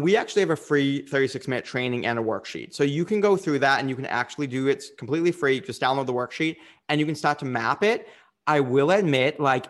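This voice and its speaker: Earnest man coach, mid pitch. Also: fairly bright tone. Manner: earnest and reflective, with frequent fillers. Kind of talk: candid interview conversation.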